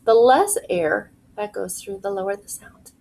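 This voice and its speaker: A woman's voice: medium pitch, darkish tone, rough recording. Woman teaching kids music from her kitchen. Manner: slow, clear, encouraging instructions to young kids. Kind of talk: home video music lesson for children. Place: home kitchen.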